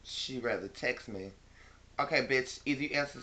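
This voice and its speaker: A man ranting profanely to his camera at home, swinging between loud shouting and low muttering. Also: moderate pace. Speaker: vlogger. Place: at home after waking.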